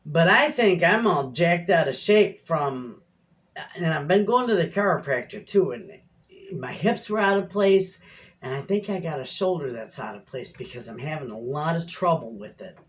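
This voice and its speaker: A woman's voice: low-pitched, animated, moderate pace. Chatty middle-aged homestead woman. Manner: chatty, rambling storyteller with folksy phrasing. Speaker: homestead cooking vlogger. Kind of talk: casual chat to viewers. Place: home kitchen.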